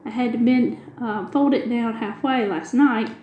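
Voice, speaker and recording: A woman's voice: a little high, unhurried, echoey room, lo-fi sound, a little hiss or hum. A middle-aged woman, chatting casually and retelling a long everyday story with quoted dialogue. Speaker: craft video host. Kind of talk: casual chat while diamond painting.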